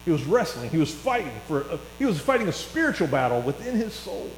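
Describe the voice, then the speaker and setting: A middle-aged man preaching a sermon in a church, chatty and telling stories that swell into excited bursts. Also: a little high, quick pace. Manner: conversational, rising to excited storytelling. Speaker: pastor. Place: church hall. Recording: echoey hall with faint mains hum.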